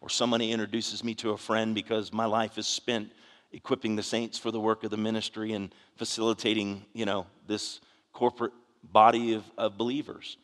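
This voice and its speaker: A man's voice: on the low side, flat delivery, fairly quick, a bit bright. Earnest male pastor in echoing hall. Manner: earnest storytelling, frequent restarts and "you know". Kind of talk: conversational sermon. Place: church sanctuary. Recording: long hall reverb.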